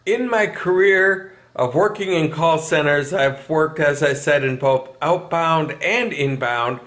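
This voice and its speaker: A man's voice: fairly high pitch, slow pace, fairly bright tone, faint music behind. A man vlogging from his couch at home in a chatty way, laughing often. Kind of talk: casual talk to camera.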